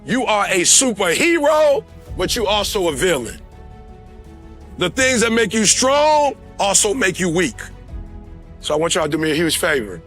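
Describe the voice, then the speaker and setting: Guy preaching motivation on stage, sharp bright voice, gets quiet then yells. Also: sits high, big pitch swings, moderate pace, faint music behind. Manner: emphatic, swings from quiet confiding to shouting. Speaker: motivational speaker. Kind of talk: motivational speech. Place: conference stage before an audience.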